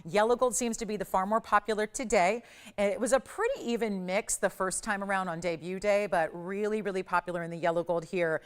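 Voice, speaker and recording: A woman hosting a live shopping channel broadcast, giving a chatty, gushing sales pitch in a TV studio and repeating words for emphasis. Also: a little fast, clean tone. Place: television studio.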